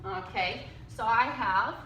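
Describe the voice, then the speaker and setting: Slow, bright-voiced woman teaching phonics. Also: on the high side, reverberant, a little hiss or hum. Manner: slow, patient, sounds out letters and chunks for kids to repeat. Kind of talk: phonics lesson for young children. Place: classroom with whiteboard.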